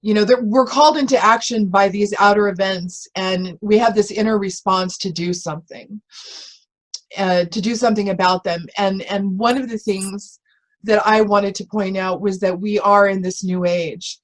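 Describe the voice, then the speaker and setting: Woman guest, reverend, earnest and heartfelt, mid pitch, casual spiritual chat. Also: fairly even intonation, normal speed, poor audio. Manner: earnest, heartfelt, with frequent restarts.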